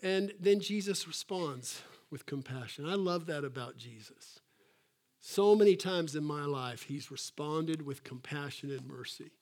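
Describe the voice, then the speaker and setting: Animated male preacher, slightly high voice. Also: measured pace. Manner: animated, acts out quotes in raised voice. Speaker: pastor. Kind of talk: sermon.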